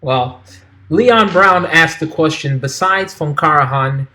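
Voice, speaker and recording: A man hosts the interview in a voice a little higher than most men's. He asks long questions that wind around and restart as he works toward his point. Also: slow, bright, forceful tone. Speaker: host.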